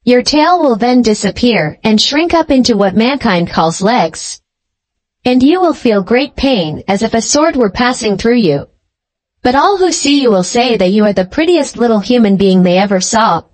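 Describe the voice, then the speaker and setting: A woman voicing a cruel, scheming old female sea witch in a storybook reading, speaking coldly and deliberately. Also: on the high side, expressive. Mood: cold, mocking.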